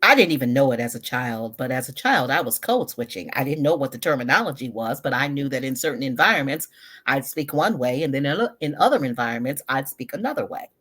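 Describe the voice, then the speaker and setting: A woman in her sixties answering interview questions in a thoughtful, expressive, emphatic way. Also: rumbling low, quick pace, husky. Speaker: guest, social media word educator. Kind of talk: conversational interview.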